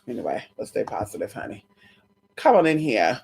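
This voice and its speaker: A woman telling a story in a casual vlog, sassy and animated, with heavy swearing. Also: rumbling low, brisk, creaky, husky. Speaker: vlogger.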